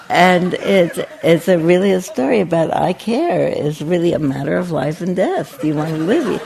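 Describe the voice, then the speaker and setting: Giving a dharma talk, this woman meditation teacher has a fairly low pitch with vocal fry. Her delivery is soft and conversational, marked by frequent restarts and a playful, storytelling streak.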